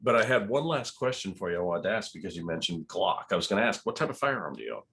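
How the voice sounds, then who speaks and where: Low male host who swings his pitch around a lot; chatty, amused, and loose. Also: fast, breathy edge. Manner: lively storyteller, laughs at his own stories. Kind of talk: casual interview.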